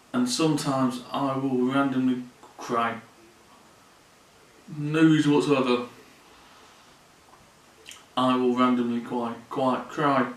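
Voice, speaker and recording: Man, distant and roomy. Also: medium pitch. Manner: earnest, plainspoken, repeats phrases. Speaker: vlogger. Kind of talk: personal confessional vlog. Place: room in his mother's home. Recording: roomy sound from a distant mic.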